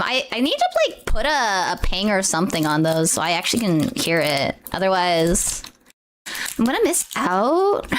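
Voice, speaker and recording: A woman streamer chatting casually on a livestream while unboxing merch. She gushes and exclaims often. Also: medium pitch. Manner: gushing, excitable, exclaims often.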